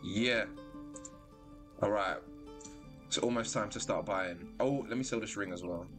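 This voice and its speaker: A man giving casual commentary while streaming a video game. He is animated and excitable, and he laughs often. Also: lowish voice, a little slow. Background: game music.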